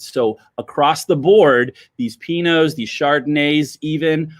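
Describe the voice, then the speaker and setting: A man's voice: medium pitch, no echo. A man hosting a livestreamed wine lesson as a sommelier, talking chattily to his viewers, calling them guys and checking in with them often. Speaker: sommelier host.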